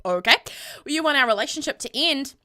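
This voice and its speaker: A young woman chats her way through a gameplay story in a bright, forward voice that sits a touch high. She rambles, stacks up fillers and keeps the tale rolling in a casual, talky way. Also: animated, fairly quick. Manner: chatty, rambling, with many fillers. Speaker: gameplay vlogger.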